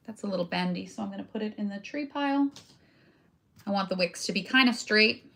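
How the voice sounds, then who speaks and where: A woman's voice: mid-range voice, fairly quick, creaky, fairly bright tone. A woman chatting casually to her viewers while she works on a craft project, joking about herself as she goes. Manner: chatty, self-deprecating, talks while working with hands. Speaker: crafting video host.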